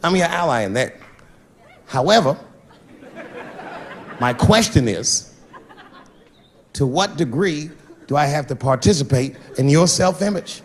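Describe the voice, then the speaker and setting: A man's voice: a little high, a little slow, pauses often, a little hiss or hum. A man doing stand-up comedy, telling stories and acting out the people in them. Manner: animated, switching voices for characters in stories. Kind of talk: stand-up storytelling. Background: audience laughter.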